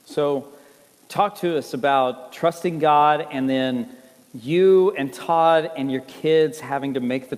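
Man hosting a church interview, hall reverb. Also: medium pitch. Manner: measured, lightly joking. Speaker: church host interviewing a guest. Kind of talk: interview questions.

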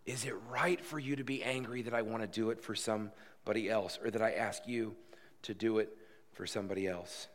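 Earnest lower-voiced man preaching. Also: fairly even intonation, a little fast, a little hiss or hum. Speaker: pastor. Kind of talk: sermon. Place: church.

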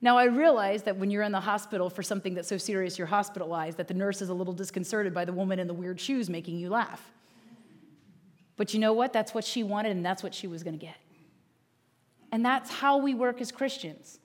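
A woman pastor giving a sermon in an earnest, conversational way. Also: mid-range voice.

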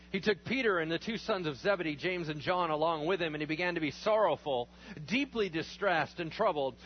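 A man preaching as a pastor, praying over communion and reading scripture aloud, rising loud and high on emphatic lines and dropping to low murmurs. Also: a little fast. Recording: slightly dull recording with faint hum.

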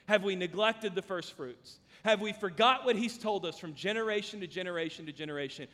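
High-voiced preacher in a reverberant hall. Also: male voice, fairly quick, fairly bright tone. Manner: earnest, emphatic preaching with personal stories. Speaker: pastor. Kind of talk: sermon.

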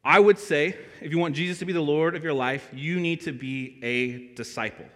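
A young adult man preaching a sermon as a pastor, telling a story with lively energy and asking the congregation questions. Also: on the high side, moderate pace. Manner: animated storytelling, asks the room questions. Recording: long reverb of a church hall.

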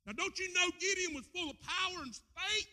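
Male pastor, high voice, impassioned church sermon with big swings in volume. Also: normal speed. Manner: impassioned preaching, swinging between shouts and low asides. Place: church with a screen.

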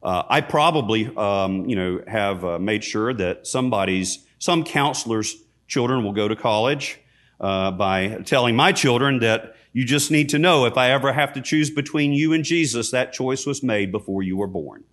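Preaching a sermon as a priest, a man speaks emphatically at a moderate pace, rising loud on key points and dropping low and quiet elsewhere. He adds self-deprecating asides.

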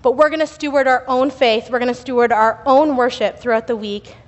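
Young woman speaker, high-pitched, casual storytelling sermon, long reverb of a sanctuary. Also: steady tone, brisk, dull audio. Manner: chatty storytelling with laughs and fillers. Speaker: youth speaker at church. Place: church sanctuary. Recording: reverberant church hall.

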